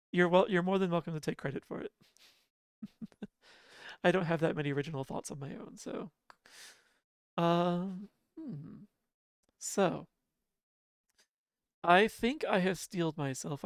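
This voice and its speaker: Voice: mid-range voice, smooth, no echo, clean studio sound. A livestreamer chatting casually with viewers from home, laughing often and poking fun at themselves. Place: home apartment.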